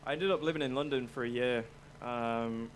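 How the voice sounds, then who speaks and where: A man's voice: medium pitch, moderate pace, a little hiss or hum. A male musician chatting as a guest about his songs, laid-back, rambling and a bit sweary. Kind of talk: casual interview chat.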